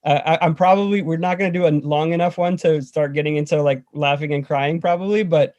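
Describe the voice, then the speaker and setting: A man guest explaining a breathing meditation in a relaxed, rambling way, full of "like". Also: on the high side, brisk, no echo, muffled recording. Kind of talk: casual video-call chat and instruction.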